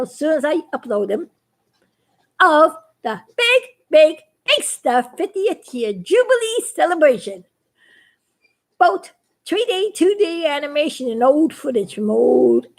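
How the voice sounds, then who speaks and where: A woman hosts a casual live stream about the cartoons she has made. Her voice is high-pitched. She rambles loosely and laughs between her sentences. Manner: giggly, rambling, laughs often. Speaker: livestream host and cartoon animator.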